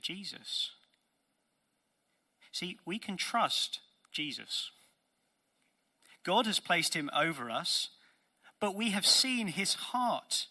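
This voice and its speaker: A man's voice: sits high, pushed and bright. A man preaching a sermon as pastor, earnest and emphatic, posing rhetorical questions to his congregation.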